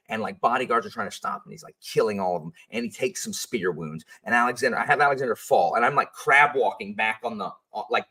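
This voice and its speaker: A low-pitched man talks casually about his teaching, animated and rambling, with plenty of fillers. He sits at some distance from the microphone. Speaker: history teacher. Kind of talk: casual storytelling chat.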